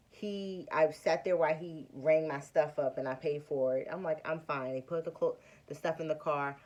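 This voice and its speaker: A woman's voice: low voice, slight background noise. A young woman vlogger telling a personal story in a casual, slangy way, acting out what people said. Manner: animated storyteller, acts out quotes, slangy.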